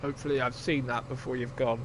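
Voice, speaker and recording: A man's voice: medium pitch, flat delivery, fast talker, background noise. A man chatting casually and sarcastically while streaming a game, swearing freely. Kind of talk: casual live-stream chat.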